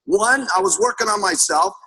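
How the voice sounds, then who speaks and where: Raspy guy doing a pep talk for sellers, high bright voice, lots of okays. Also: moderate pace, low-quality recording. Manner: emphatic storytelling, keeps asking "okay?". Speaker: sales trainer. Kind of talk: motivational sales talk.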